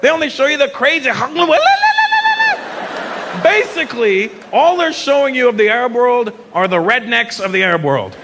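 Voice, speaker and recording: A man doing a stand-up comedy routine on a live stage, animated and slipping into mocking impressions. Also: very high-pitched, unhurried. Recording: live show with loud audience and noise.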